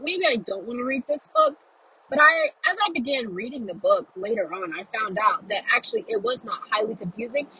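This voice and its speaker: Young woman rambling about books, super bright tone, really raspy, gushy and chatty. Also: on the high side, rough recording. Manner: chatty and effusive, with asides and fillers. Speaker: book podcaster. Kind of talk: casual chat.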